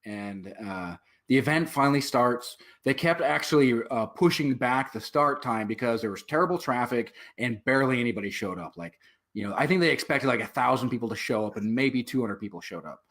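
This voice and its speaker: A man's voice: mid-range voice, animated, brisk, a bit bright. A man, a veteran and activist, telling his story as a guest in a casual interview, rambling with many fillers and swear words.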